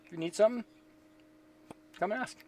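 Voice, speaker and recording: A man with a voice pitched a little above most men's speaks in a loose, unscripted way about inner life. He circles back on his phrases and repeats words while he thinks aloud. His tone stays earnest and reflective throughout. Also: brisk, darkish tone, slight background noise. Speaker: spiritual teacher. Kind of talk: casual spiritual talk.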